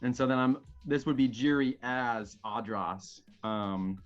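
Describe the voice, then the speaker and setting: Slow, rambly male player reading his story aloud, dull lo-fi sound with faint music. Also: mid-range voice. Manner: rambling, many fillers. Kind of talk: casual tabletop game chat and storybook narration.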